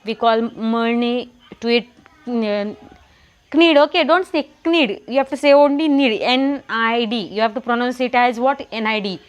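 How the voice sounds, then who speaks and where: A teacher with a Marathi accent runs a classroom lesson, asking the same questions again and again and spelling words out letter by letter. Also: female voice, fairly high pitch, moderate pace, clean tone, dull audio.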